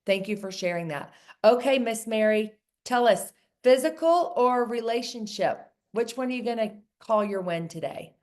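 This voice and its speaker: A woman's voice: fairly high pitch, normal speed, hardly any pauses, a little mellow. A woman coaching a group of women on a video call, earnest and encouraging, often repeating phrases for emphasis. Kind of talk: casual coaching talk.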